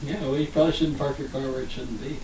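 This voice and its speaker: A man's voice: medium pitch, fairly even intonation, quick pace, mellow. A man chatting casually and adding dry, joking comments. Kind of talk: casual chat. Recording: echoey room, faint background noise.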